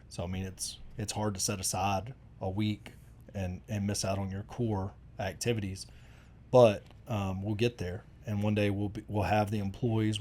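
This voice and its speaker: A man's voice: lowish voice, a little mellow, a little hiss or hum. A middle-aged man, chatting casually and telling rambling, folksy stories with lots of restarts. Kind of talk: casual conversation.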